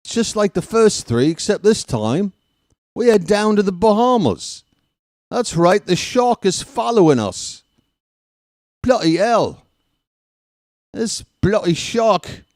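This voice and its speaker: A man's voice: high voice, sing-song, slow pace, long pauses, a little mellow, no room sound, studio quality, pitched above the performer's own voice, exaggerated voice. A man putting on a British accent, playing a blustering British movie actor who swears and jokes. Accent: put-on British. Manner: jokey, blustering, tosses in 'bloody hell'. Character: boastful British actor, mock-tough, swearing.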